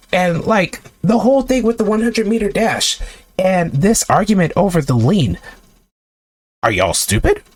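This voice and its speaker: A man's voice: on the high side, no room sound. A man delivering a heated sports rant to camera, exasperated and sarcastic, with blunt outbursts. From United States. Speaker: sports vlogger.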